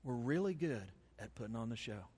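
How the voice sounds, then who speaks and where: Man, pastor, sermon, folksy storytelling, very animated pitch, long church reverb. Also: brisk, slightly rough. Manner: animated, folksy storytelling with sudden loud and soft swings. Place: church sanctuary with congregation.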